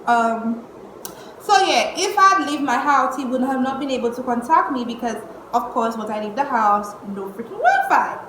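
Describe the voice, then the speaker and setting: A young woman, telling a storytime vlog at home in an exasperated, animated way, cursing and using slang. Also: sits high, normal speed. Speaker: vlogger. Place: indoors at home. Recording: echoey room with faint noise.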